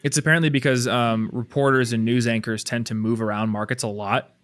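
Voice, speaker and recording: A man's voice: medium pitch, steady tone, brisk, a bit bright. A man co-hosting a podcast, telling anecdotes in casual chat. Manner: chatty, tells anecdotes. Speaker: podcast co-host.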